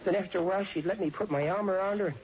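In a 1940s radio sitcom, an actor plays a shy, clumsy, lovestruck teenage boy who stammers awkwardly and sounds bashful. His high voice is natural and very fast, heard through a dull, hissy old radio recording.

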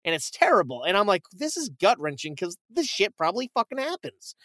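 A man with a high, bright voice tells a film plot in loose, casual chat. He slips in characters' quoted lines as he goes and swears freely. The sound is dry and close, with no room around it. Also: dry recording. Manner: animated storytelling, swearing, quick quoted asides. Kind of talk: casual movie recap.

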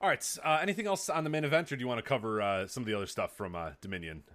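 A man's voice: medium pitch, very fast. A man co-hosting a casual podcast, telling stories with lots of laughs and acted-out reactions. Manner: animated storytelling, laughs often, acts out his reactions. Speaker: podcast co-host. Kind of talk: casual wrestling podcast chat.

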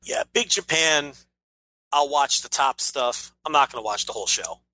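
A man's voice: mid-range voice, normal speed, bright, forceful tone, rough recording. A man co-hosting a casual podcast, opinionated and ranting, swearing freely as he makes his case. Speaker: podcast co-host.

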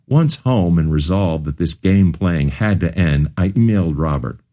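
Guy reading his own memoir aloud, deep voice that swings around a lot. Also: expressive, normal speed, mellow. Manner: earnest first-person storytelling. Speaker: memoir narrator.

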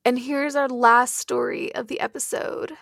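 A woman co-hosting a podcast, chatting casually and retelling a comic story in an animated way, swearing freely. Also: high voice, measured pace, vocal fry, no echo. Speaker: podcast co-host. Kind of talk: casual chat.

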